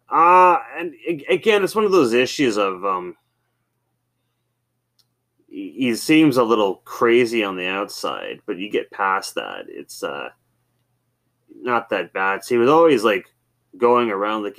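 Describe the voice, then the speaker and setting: Man, podcast host, rambling story monologue, low voice, lively swings in pitch. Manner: rambling, loose, with swearing and many fillers.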